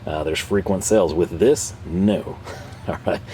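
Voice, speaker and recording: A man's voice: low-pitched, unhurried, mellow, a little hiss or hum. A man casually reviewing tools for his channel, rambling and self-deprecating with frequent chuckles. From North America. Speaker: tool reviewer and channel host.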